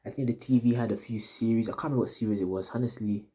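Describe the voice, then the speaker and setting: A man's voice: fairly low pitch, fairly even intonation, rapid-fire, few pauses, warm tone. A young man telling a story to his audience in a casual, rambling, slang-heavy way, repeating himself often. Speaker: vlogger.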